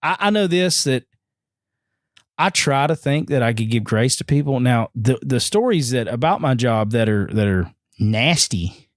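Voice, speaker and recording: A man tells a story in a casual podcast chat and acts out each person he quotes. His pitch swings widely as he talks. The close mic sounds dry, with no room around it. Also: moderate pace, no echo. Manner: animated, acts out quoted voices with big pitch jumps. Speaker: podcast guest.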